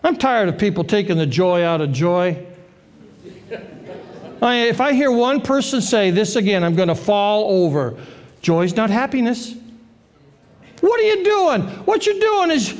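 A man preaching a sermon, animated and joking, acting out the voices of the people in the story. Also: high voice. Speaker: pastor.

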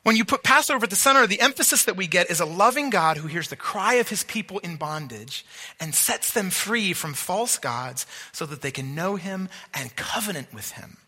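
High, sharp-voiced preacher in a hall. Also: male voice, expressive, moderate pace. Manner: earnest, repeats words for emphasis, asks listeners to follow along. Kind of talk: sermon. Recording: long reverb of a large hall.

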